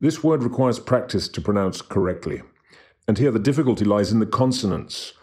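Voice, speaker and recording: A man giving a scripted language lesson who slowly and carefully demonstrates how to pronounce each word. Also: lowish voice, expressive, mellow. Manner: slow, careful demonstration of pronunciation. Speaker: language teacher.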